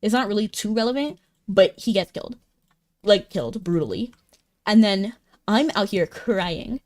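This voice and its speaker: A woman's voice: mid-range voice, normal speed, a little mellow. A young woman chatting casually with viewers while streaming a game, bubbly and talkative. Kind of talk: casual live-stream chat. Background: faint game music.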